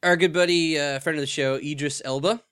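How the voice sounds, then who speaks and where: A man's voice: fairly high pitch, steady tone, brisk, a bit bright, clear, resonant tone. A man co-hosting a casual movie podcast, joking around and laughing often. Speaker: podcast co-host.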